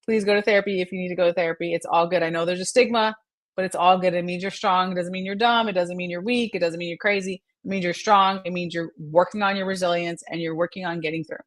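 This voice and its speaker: A middle-aged woman hosts a live mental health segment, reading through viewer comments encouragingly and laughing often. Her fairly low voice is steady and fast, with no room sound.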